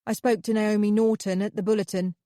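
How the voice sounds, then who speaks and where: A woman's voice: mid-range voice, little pitch movement, a little fast, mellow, no room sound, clean studio sound, voice pushed up, close to an everyday voice. A woman voicing a cold, detached male police officer who speaks in a clipped, patronizing, matter-of-fact way.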